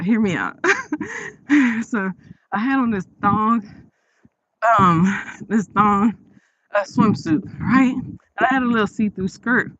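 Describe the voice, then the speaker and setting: A woman's voice: mid-range voice, a bit bright, muffled recording, a little hiss or hum. A woman vlogging outdoors on a late-night walk, chatting casually and rambling with frequent laughs. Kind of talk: casual storytelling while walking.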